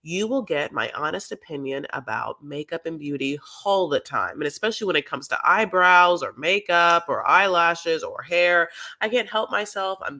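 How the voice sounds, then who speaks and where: Bright, opinionated podcast co-host. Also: mid-range voice. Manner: opinionated, animated, rambling. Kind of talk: casual chat about reality TV.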